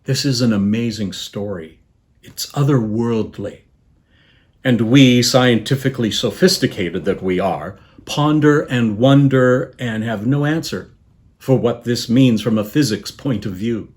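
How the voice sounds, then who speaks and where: A man, a bishop, preaching a sermon in a measured, reflective way, pausing often and letting phrases trail off softly. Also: mid-range voice.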